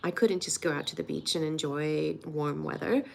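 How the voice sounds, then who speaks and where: Gravelly earnest woman in her sixties. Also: low-pitched, moderate pace. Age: 60s. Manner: emotional, earnest and encouraging. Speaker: weight loss coach. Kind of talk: personal vlog testimony.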